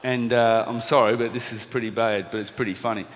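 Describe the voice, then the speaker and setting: A man in his thirties with an Australian accent, telling a lively anecdote to a live audience and acting out the lines of the people in it. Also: mid-range voice, brisk, slight background noise. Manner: lively storytelling, acting out quoted lines, laughing at himself. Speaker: motivational speaker, former boxer. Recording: reverberant hall.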